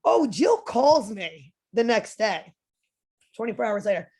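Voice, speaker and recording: A young adult woman, a podcast guest, telling a story in a lively way, acting out what others said and using "like" a lot. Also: mid-range voice, unhurried, husky. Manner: lively, acts out quoted voices, frequent "like" fillers. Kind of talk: animated storytelling.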